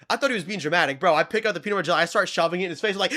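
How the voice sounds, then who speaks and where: A man chatting casually with his viewers during a live game stream, telling stories with sudden excited bursts. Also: high-pitched, fast talker, faint music behind. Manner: excitable storyteller, talks to chat, loud bursts. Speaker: livestreamer. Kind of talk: casual live-stream chat while gaming.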